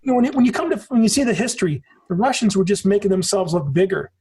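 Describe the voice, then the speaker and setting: His voice is high-pitched and dark in tone, animated and quick, with slight background noise. He's an American man in his 40s guesting on a podcast, telling stories in casual conversation in a rambling, emphatic way with free swearing.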